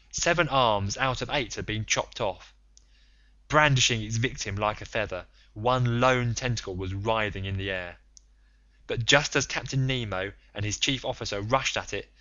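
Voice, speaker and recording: A male audiobook narrator telling a first-person adventure in an earnest, dramatic way. His voice sits low and carries a bright, forceful edge. The read is close and dry, captured on a slightly dull, lo-fi recording. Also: no room sound.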